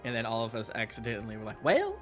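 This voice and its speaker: A man narrating a tabletop game as game master, relaxed and descriptive with fillers. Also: fairly low pitch, very fast, over loud music.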